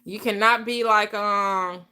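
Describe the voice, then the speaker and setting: Bright, emphatic woman preaching on a livestream. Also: medium pitch, steady tone, slow pace, smooth. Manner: emphatic, preachy, laughing often. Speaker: livestream host. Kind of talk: casual motivational livestream talk.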